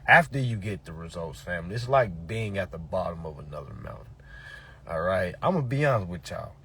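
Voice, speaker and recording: A man's voice: low voice, lively intonation, brisk, a bit bright, slight background noise. A man giving a preachy motivational talk to his followers, emphatic and repetitive, with blunt profanity. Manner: emphatic, repetitive, peppered with "all right?" and profanity. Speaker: motivational speaker.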